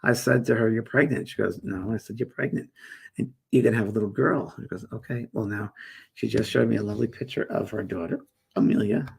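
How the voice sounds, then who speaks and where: A middle-aged man with a gravelly, husky voice hosts a casual live spiritual chat. He rambles warmly from topic to topic, reading out viewer comments and answering them one by one. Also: on the low side, fairly even intonation, fairly quick. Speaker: host and medium.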